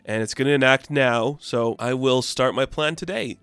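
A man's voice: mid-range voice, normal speed, fairly bright tone, clean tone, dry recording, faint music behind, lightly acted. A man voicing a proud, scheming mother goddess in a plain voice. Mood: plotting.

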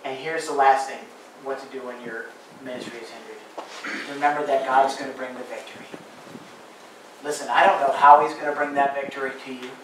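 A man preaching a sermon as pastor, pleading earnestly with his congregation, then dropping to quiet asides. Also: mid-range voice, steady tone, brisk. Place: church sanctuary. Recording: very echoey room, voice from far off, audible noise.

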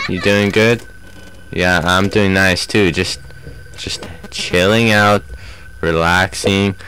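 A deep-voiced young man talks through a horror game at an unhurried pace. He jokes, mutters to himself and taunts the monsters. A faint hiss sits under his voice. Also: fairly bright tone. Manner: joking, taunts the game's enemies. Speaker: gameplay commentator. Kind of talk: let's play commentary.

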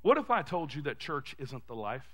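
Texan male pastor preaching in a church, high bright voice, builds to shouts. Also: very animated, moderate pace. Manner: preaching with call-and-response, rising to shouts. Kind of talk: sermon. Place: church sanctuary.

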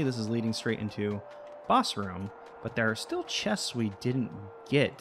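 Low-voiced male let's-player, loose rambling chat with self-deprecating jokes, soft game music underneath. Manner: rambling, self-mocking, talks to game creatures. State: voice getting worn. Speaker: let's play host. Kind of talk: casual gameplay commentary.

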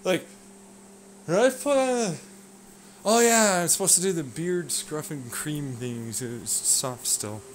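A man in a rambling, profane vlog rant that swings between low muttering and loud outbursts. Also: lively intonation, slow, slight background noise. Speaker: vlogger. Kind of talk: ranting monologue.

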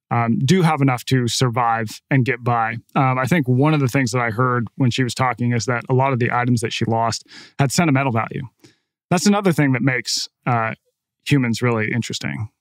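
Male podcast guest, mid-pitched, loose storyteller, close dry mic. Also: no echo. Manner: casual, animated, with frequent "like" and "right?". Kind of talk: conversational storytelling.

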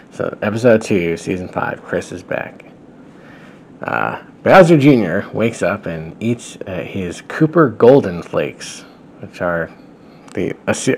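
A man with a low voice chats his way through a recap of a fan story series, breaking into laughter and clearing his throat often. He restarts sentences and adds offhand asides. A faint room ambience hums underneath. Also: a little hiss or hum. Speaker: podcast host.

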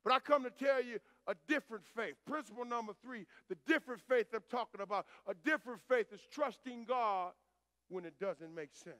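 A man preaching a sermon as pastor, swinging between hushed lines and shouted calls to the congregation. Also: very high-pitched, a little fast, no echo. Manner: call-and-response preaching, rising to shouts.

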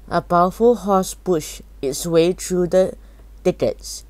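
Woman storybook reader, low pitch, dry close sound. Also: takes it slowly, a little mellow, dry recording. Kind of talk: reading a children's novel aloud.

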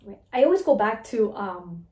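A woman coaching her listeners on mindset, talking in an animated way and asking "right?" again and again. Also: medium pitch, normal speed, echoey room. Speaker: mindset and weight-loss coach. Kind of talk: motivational talk to listeners.

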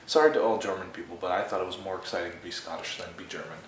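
A man's voice: low-pitched, racing. A young man talking casually through his day in a rambling, chatty, self-mocking way. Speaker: vlogger. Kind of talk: casual daily vlog. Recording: noisy background ambience.

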